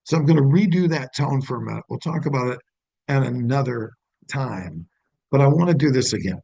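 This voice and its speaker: A middle-aged male sales trainer with a gravelly, husky voice, heard close and dry. He teaches in a conversational way and breaks into bright, friendly phone greetings as examples. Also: medium pitch, lively intonation, brisk, no echo, poor audio. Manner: demonstrates phone greetings in an upbeat voice.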